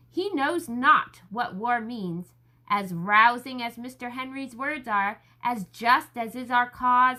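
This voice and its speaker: A woman's voice: on the high side, pushed and bright. A woman voicing a kindly, fretful old master in an audiobook.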